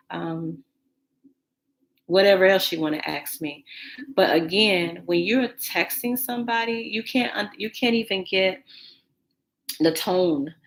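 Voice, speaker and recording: A woman dating coach hosting a podcast, giving casual advice and acting out text exchanges in quoted voices. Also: fairly low pitch. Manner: animated, acts out texts in quoted voices.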